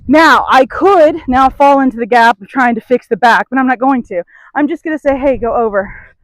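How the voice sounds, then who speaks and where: A woman horse trainer giving a hands-on demonstration, explaining to the camera as she works a horse and softly praising it between points. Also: sits high, normal speed, no echo, poor audio. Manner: talks to the camera while working a horse, with soft praise between.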